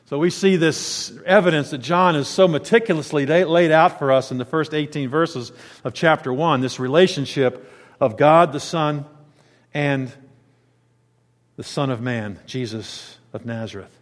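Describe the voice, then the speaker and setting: A man preaching a sermon in a lively, conversational way, with dramatic pitch swings. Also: normal speed, big-room sound. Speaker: pastor.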